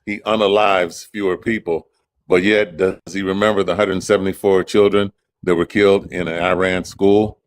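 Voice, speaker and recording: Very deep-voiced calm man in his sixties. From Chicago. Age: 60s. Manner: calm, measured, deep radio-like voice. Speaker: caller. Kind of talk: calm live-stream debate.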